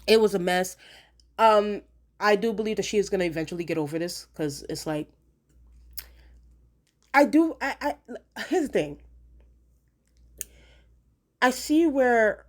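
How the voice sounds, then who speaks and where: A woman's voice: mid-range voice, lively intonation, measured pace, long pauses. A woman chatting casually as she reviews a TV episode, slangy and repeating lines for emphasis. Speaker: TV show reviewer.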